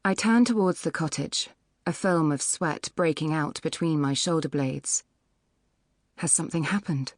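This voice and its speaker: A woman narrating a novel in the first person with a measured, even storytelling delivery. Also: low-pitched, dry recording, studio quality. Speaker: audiobook narrator. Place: recording studio.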